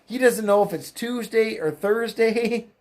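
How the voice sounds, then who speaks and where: Solo political vlogger, unhurried delivery, scornful and laugh-prone, mid-range pitch. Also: a little mellow. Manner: mocking, laughs often. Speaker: political commentator. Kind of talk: political commentary rant.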